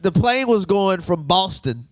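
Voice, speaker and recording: A man's voice: sits high, expressive, unhurried, dry recording. A man co-hosting a podcast, riffing through casual comedic banter with profane, rambling jokes. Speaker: podcast co-host.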